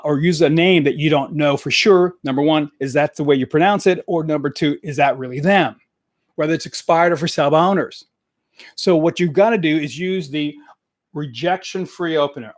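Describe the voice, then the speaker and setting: Direct, energetic male sales coach. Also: a little high, no room sound, studio quality. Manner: energetic, direct, coaching the audience with repeated phrases. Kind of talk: live-streamed coaching talk. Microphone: desk microphone.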